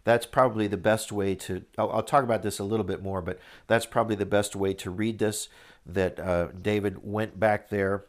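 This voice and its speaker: Low-voiced man teaching a Bible story. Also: normal speed. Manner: relaxed, conversational, with restarts. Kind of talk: Bible reading with casual retelling.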